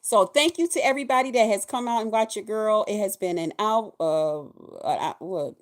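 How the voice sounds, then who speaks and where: A woman's voice: medium pitch, moderate pace. A woman hosting a weekly livestream, chatting casually and folksily with her viewers, greeting and thanking them directly. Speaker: host of a weekly live show.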